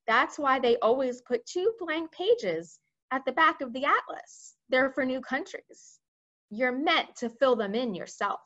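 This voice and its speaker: A woman's voice: sits high, expressive, unhurried, fairly bright tone, dull audio, voice pushed up, full character voice. A woman voicing a cheerful, fearless young male pilot. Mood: matter-of-fact. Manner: cheerful, unbothered.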